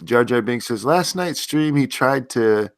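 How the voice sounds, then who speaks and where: A man's voice: mid-range voice, animated, unhurried, no room sound. A man hosting a live stream in casual chat, stuffy and unwell, joking and swearing as he goes. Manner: joking, profane, easily sidetracked. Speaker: stream host.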